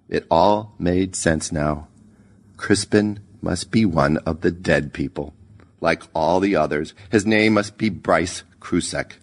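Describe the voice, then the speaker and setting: Deep husky male story narrator. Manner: measured, expressive reading. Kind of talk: scripted short story narration.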